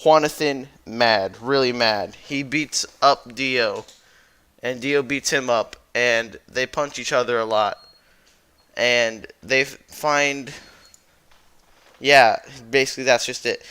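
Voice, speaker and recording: A man's voice: mid-range voice, slow, sharp tone, smooth. A man who jokingly recaps a story as a YouTuber, rambling and correcting himself as he goes. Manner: rambling, playful, self-correcting.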